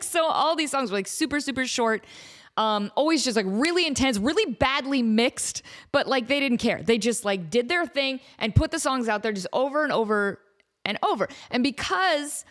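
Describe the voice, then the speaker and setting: A woman hosting a casual solo podcast, excitable and rambling, who keeps breaking into sung snippets and laughter. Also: fairly high pitch. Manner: talks to her cat. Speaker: podcast host.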